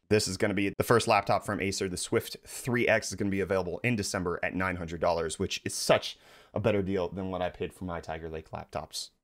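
A man hosting a tech news show, delivering quick casual commentary full of wry, sarcastic asides. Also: on the low side, a bit bright.

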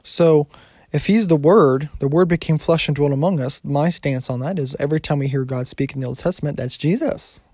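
A man's voice: fairly high pitch, brisk, a little mellow, dry recording. A man teaching from the Bible in a casual sermon, talking conversationally and often restarting or correcting himself.

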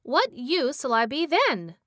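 A woman's voice: high voice, big pitch swings, slow pace, a bit bright, no room sound, studio quality, pitched above the performer's own voice, full character voice. A woman voicing a timid, anxious young boy in a read-aloud story, pleading nervously.

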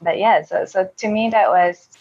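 A woman's voice: mid-range voice, moderate pace, a little mellow, dull audio. A woman from Singapore, telling frank personal stories casually and acting out her own quotes. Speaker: podcast guest, sex blogger. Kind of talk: candid casual storytelling.

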